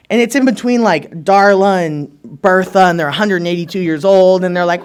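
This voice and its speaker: A man's voice: sits high, fast talker, few pauses, smooth. A man in his thirties telling a wry, sarcastic personal recovery story to a meeting and acting out other people's lines.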